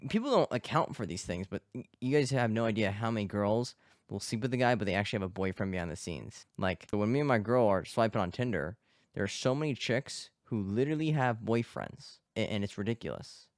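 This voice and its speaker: A man's voice: fairly low pitch, expressive, fairly quick, dry recording, studio quality. A man hosting a podcast as a dating coach, talking bluntly and emphatically with a lot of swearing. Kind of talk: casual podcast monologue. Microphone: close podcast mic.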